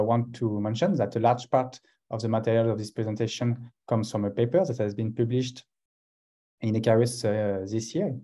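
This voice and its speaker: This guest scientist, a man with a French accent, gives a science talk over a video call, hesitating often and dropping many uhs between phrases. His voice sits lowish and has a warm tone.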